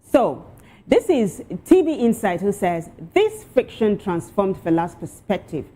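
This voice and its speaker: A woman hosting a talk show, reading out social media posts with lively asides. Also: mid-range voice, a little slow.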